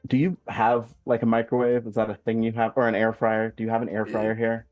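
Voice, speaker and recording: A man's voice: fairly low pitch, monotone, a little fast, dry recording, muffled recording, soft background music. A man playing in a tabletop game, chatting casually and joking about coffee. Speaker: player. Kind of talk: casual chat.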